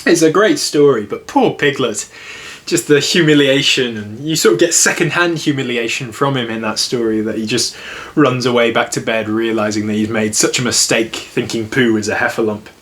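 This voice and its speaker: A man giving a relaxed storybook reading and then chatting about the story in a gentle, easygoing way with easy laughs. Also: medium pitch, normal speed.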